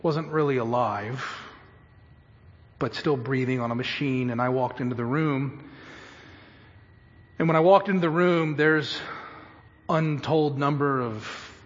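A man's voice: medium pitch, unhurried, long pauses. Male pastor, dramatic sermon, long hall echo, muffled recording. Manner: dramatic, shifts from hushed storytelling to shouted pleading.

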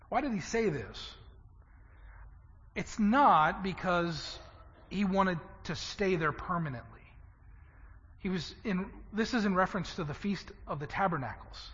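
A man preaching a sermon, swinging from loud emphatic lines to hushed ones. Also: high-pitched, expressive, a little slow, pauses often, in a large hall, dull audio. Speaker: pastor.

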